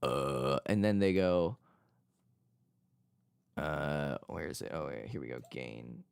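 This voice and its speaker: A man's voice: a bass voice, slow, gravelly, clear, resonant tone. A man streaming casually, rambling and joking about himself with lots of restarts. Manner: rambling, self-deprecating, many restarts. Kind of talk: casual livestream chat. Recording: background music under voice.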